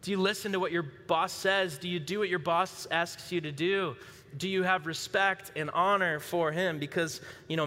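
A man's voice: fairly high pitch, steady tone, normal speed, sharp tone. A male pastor preaching a sermon in a conversational way, with casual asides. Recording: long reverb of a large hall.

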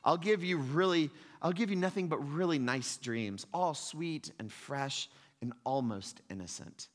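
A man voices a small lizard creature that pleads and wheedles, its voice pitched up and pushed louder than the storyteller's own. The sound rings with a long hall reverb. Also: measured pace, natural voice. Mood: wheedling.

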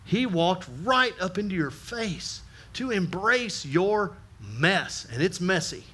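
Bright, high-voiced preacher man with a lilt. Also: lively intonation, takes it slowly, slightly rough. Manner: earnest, swings from loud emphasis to hushed storytelling. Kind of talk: sermon.

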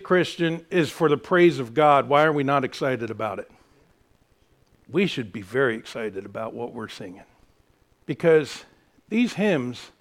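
High-pitched, jokey preaching man. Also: a bit bright. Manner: jokey, self-mocking preaching with laughs. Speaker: pastor. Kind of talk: sermon.

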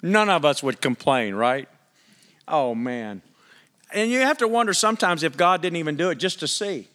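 A man preaching a sermon, his voice sitting a little above the usual male pitch. He talks to the congregation conversationally, reading scripture aloud and pressing his points with emphatic questions. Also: sing-song, normal speed, a bit bright. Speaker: pastor.

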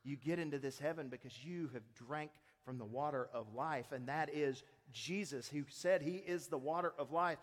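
A man with a high voice preaches a sermon, leaning hard into some lines and dropping to a near hush on others. His voice rings out with a long reverb. He speaks as a pastor to his congregation. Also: moderate pace, hardly any pauses. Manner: swings between loud emphasis and soft, hushed delivery.

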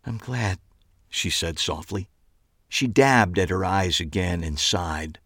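A man reading an audiobook and voicing a grieving woman who speaks softly through tears. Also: low-pitched, slow pace, no echo, studio quality, exaggerated voice. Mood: sad, weary. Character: grieving tearful woman, soft-spoken. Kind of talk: audiobook character voice.

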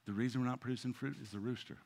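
A man preaching a sermon as pastor, swinging between loud emphasis and hushed, near-whispered passages, often repeating words as he restarts a phrase. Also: mid-range voice, fairly even intonation, rapid-fire, creaky.

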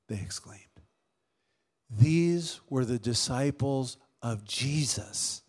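A man preaching a sermon, swinging between loud emphatic lines and hushed ones and calling out to the congregation. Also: mid-range voice, a little slow. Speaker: pastor.

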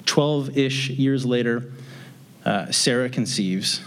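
A man's voice: mid-range voice, slow. A man teaching a Bible passage verse by verse in a casual, conversational way, mixing in joking asides.

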